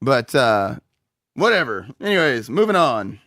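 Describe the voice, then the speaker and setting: A young man co-hosting a casual movie review chat, animated and laughing as he mocks the film. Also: medium pitch, measured pace, dry recording, studio quality. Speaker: podcast co-host.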